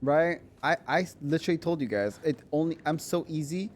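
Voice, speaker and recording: A man streaming a horror game, chatting excitedly with viewers, swearing and laughing as he plays. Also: a little high, a little fast. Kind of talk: casual gameplay commentary.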